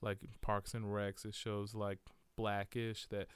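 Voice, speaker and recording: A man co-hosting a podcast in casual chat, animated and opinionated. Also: on the low side, slow, clear, resonant tone, no echo. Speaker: podcast co-host.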